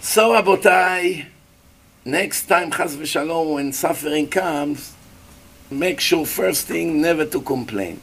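A man giving a lively sermon as a rabbi, acting out little scenes and asking his listeners questions. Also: fairly high pitch, takes it slowly, creaky, husky. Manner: animated preacher, acts out voices, asks the audience questions. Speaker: rabbi giving a Torah class.

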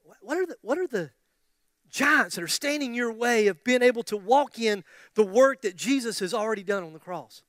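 A man in his fifties delivers a sermon in a strikingly high voice, building with passion through repeated phrases and breaking into joking asides. The sound is dry and close, with almost no room around it. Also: lively intonation, fairly quick, a bit bright, no room sound. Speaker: pastor.

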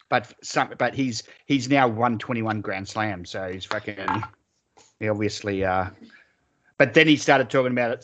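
A man's voice: mid-range voice, a bit bright. A man co-hosting a casual sports chat podcast, rambling, swearing freely and laughing often. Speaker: podcast co-host.

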